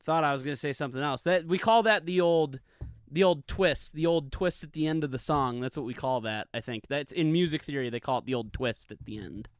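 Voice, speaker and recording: A man's voice: on the high side, a little fast, smooth, no echo, soft background music. A man hosting a solo comedy podcast, telling a rambling, profane, hyped-up story into a studio mic. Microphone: studio mic with pop filter.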